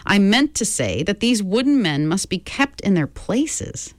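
A woman's voice: mid-range voice, sing-song, measured pace, no echo. A woman voicing a testy village head man. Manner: testy, clipped.

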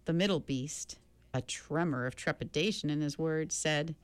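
A woman narrating an audiobook in a calm, unhurried manner. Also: low voice, clean tone, no echo.

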